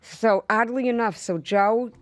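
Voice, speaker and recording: A woman hosting a casual podcast chat, telling stories in a candid, animated way. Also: on the high side, unhurried, no room sound. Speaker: podcast host.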